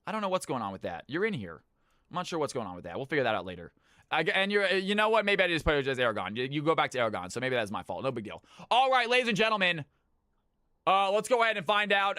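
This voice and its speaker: A man from California hosting his stream's viewer games, chatting casually with his viewers, brisk and swearing freely. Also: high voice, sharp tone, no room sound, clean studio sound. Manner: brisk, swears, talks to chat. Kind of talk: casual live-stream chat.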